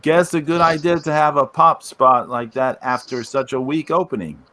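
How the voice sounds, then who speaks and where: A man's voice: a little high, normal speed, background noise. A man co-hosting a casual wrestling podcast, bluntly reading his critical notes. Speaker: podcast co-host.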